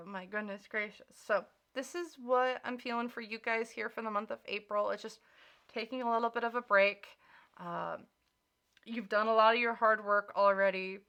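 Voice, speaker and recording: A woman's voice: fairly high pitch, steady tone, normal speed, sharp tone, clear, resonant tone. A woman giving a chatty, reassuring tarot reading, full of "like" and earnest encouragement. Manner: chatty, emphatic, reassuring, many filler likes. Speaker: tarot reader. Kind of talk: casual spoken tarot reading.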